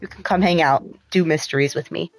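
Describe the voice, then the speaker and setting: A woman's voice: deep voice, fairly quick, vocal fry. A woman livestreaming a puzzle game, thinking aloud in a chatty way and swearing freely. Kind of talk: casual gameplay commentary.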